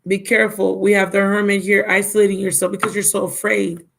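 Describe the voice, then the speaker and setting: A woman's voice: medium pitch, little pitch movement, fast, vocal fry, poor audio. Drained, blunt woman reading tarot live. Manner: casual and blunt, calls listeners baby and my love. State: drained and yawning. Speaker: tarot reader.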